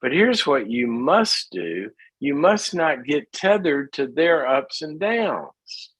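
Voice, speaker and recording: Animated husky middle-aged man giving advice. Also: a little high, no room sound, low-quality recording. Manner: animated, folksy, acts out little scenes. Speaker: host of a call-in advice show. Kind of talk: casual advice talk.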